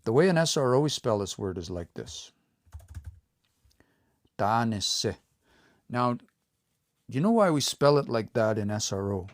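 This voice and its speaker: A man giving a relaxed livestream language lesson, explaining patiently and thinking aloud as he reads out viewer comments. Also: mid-range voice, moderate pace, no room sound. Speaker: language teacher.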